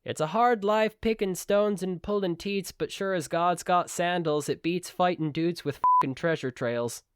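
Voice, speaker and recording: A crude rural farmhand delivering a punchline, read out by a man. His voice sits higher than his usual talk and stays smooth and clear. The recording is close and dry. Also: moderate pace, dry recording, lightly acted. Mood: gruff.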